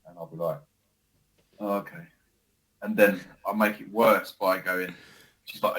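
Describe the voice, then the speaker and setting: A man co-hosting a casual podcast, telling stories with animated laughter. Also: deep voice, measured pace, poor audio. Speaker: podcast co-host. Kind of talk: casual chat.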